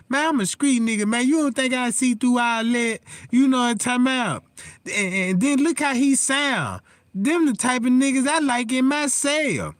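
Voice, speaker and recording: A livestream host with a very high voice talks at a moderate pace in a dry recording. His casual stream is rambling and profane, and he grows heated and animated, repeatedly asking if people know what he means.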